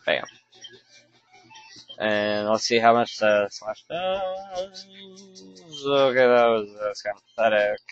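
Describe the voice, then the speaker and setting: A man's voice: mid-range voice, animated, slow pace, pauses often, lo-fi sound, soft background music. A man giving casual, rambling commentary over his own gameplay, often stopping to correct himself. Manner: rambling, self-correcting, offhand. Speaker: let's play commentator.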